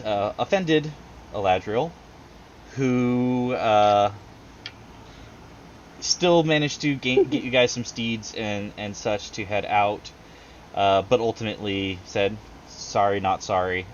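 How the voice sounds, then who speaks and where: Guy gm recapping the game on a video call, loose and full of ums, kinda dull lo-fi sound with faint hiss. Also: lowish voice. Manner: loose, filler-heavy, laughs at himself. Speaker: game master. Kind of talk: casual tabletop game narration.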